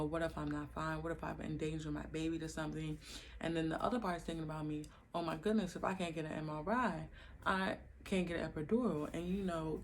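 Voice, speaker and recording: A young woman vlogging to her camera at home, casually telling her labor story with animated, slangy asides to viewers. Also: low-pitched, slight background noise.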